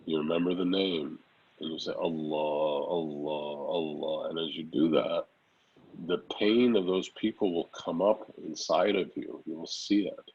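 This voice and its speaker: A man, a Sufi teacher, gently answering a student's question, repeating phrases as he speaks. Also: low voice, moderate pace, husky, dull audio. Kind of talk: spiritual teaching in Q&A.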